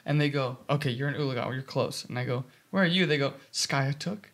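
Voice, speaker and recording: A man's voice: mid-range voice, a little fast, fairly bright tone. A man co-hosting a podcast in casual chat, telling joking stories and acting out what people said. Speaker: podcast co-host.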